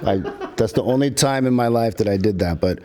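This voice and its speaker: Profane storytelling filmmaker, low voice. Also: male voice, a little fast, noisy background. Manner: animated and profane, acts out quotes. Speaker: podcast guest, filmmaker. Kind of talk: casual storytelling.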